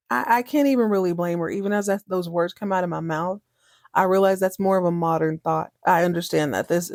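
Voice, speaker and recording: A woman hosting a podcast, recapping a TV episode in a chatty, animated way and acting out the characters' lines. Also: fairly low pitch, creaky, no room sound, studio quality. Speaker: podcast host.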